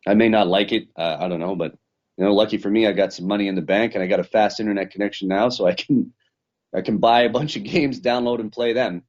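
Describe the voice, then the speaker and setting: A man with a lowish voice tells his story in a loose, rambling way and swears freely. He sounds like he is on a remote video call. The sound is muffled and lo-fi. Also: fairly even intonation, fast, darkish tone. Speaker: professional fighter. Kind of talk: casual interview recap. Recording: dull lo-fi sound.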